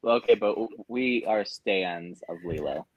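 A man's voice: fairly low pitch, lively intonation, a little slow, no room sound. Laid-back man on a dull dry mic. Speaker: podcast guest. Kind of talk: casual podcast chat.

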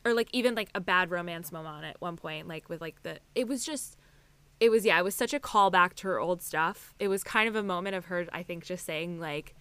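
A woman co-hosting a podcast in loose, candid chat. Her voice is bright and crisp, with a close, dry sound and no room around it. She scatters "like" and "I mean" as she talks. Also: lowish voice, brisk, no room sound. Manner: candid and animated, frequent "like" and "I mean". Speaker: podcast co-host. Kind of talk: casual chat.

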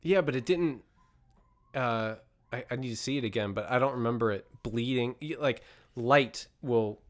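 A man with a mid-range voice chats casually as a podcast co-host. He sounds relaxed and thinks aloud as he goes. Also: mid-range voice, moderate pace. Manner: relaxed, thinks aloud with fillers and soft laughs. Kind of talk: casual chat.

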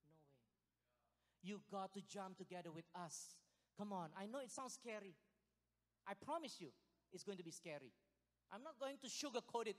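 A man preaching a sermon as pastor, excitable and animated, breaking into loud bursts and laughing, a little out of breath. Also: sits high, normal speed, long pauses. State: sweating, short of breath at times. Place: church hall. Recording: long hall reverb.

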